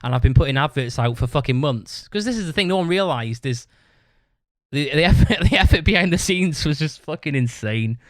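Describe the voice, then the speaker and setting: A man's voice: fairly high pitch, expressive, fairly quick, no room sound, clean studio sound. Blunt, foul-mouthed man telling a story. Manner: blunt, heavily profane, rambling with restarts. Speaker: podcast host. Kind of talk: casual storytelling monologue.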